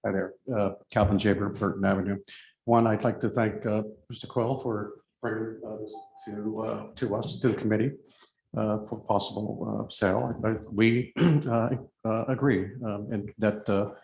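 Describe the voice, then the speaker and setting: Gravelly low man, halting public comment. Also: level tone, a little mellow, slight background noise. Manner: halting, heavy fillers. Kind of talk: public comment at city hearing. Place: council chamber. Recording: echoey meeting room.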